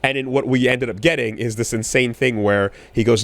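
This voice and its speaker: A man in his thirties co-hosting a podcast in casual chat, rambling with many fillers and restarts, getting animated when riled. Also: mid-range voice, fairly quick, few pauses, no echo. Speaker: podcast co-host.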